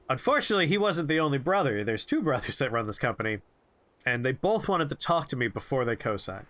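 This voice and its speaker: Animated, bright-voiced young man telling a story. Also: medium pitch, quick pace. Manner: animated, rambling, jokey. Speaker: game streamer. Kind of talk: storytelling while playing a game.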